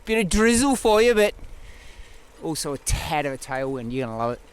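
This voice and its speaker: A man chatting in a relaxed, cheerful way as a riding companion outdoors. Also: fairly high pitch, fairly quick, clean tone. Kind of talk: casual chat.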